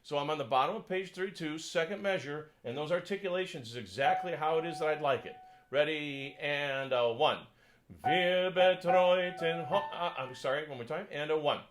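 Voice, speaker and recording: A man working as a choir conductor, coaching a section through a piece, counting in and singing parts, sometimes in falsetto. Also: fairly quick, background noise. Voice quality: sings in falsetto. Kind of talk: choral coaching lesson.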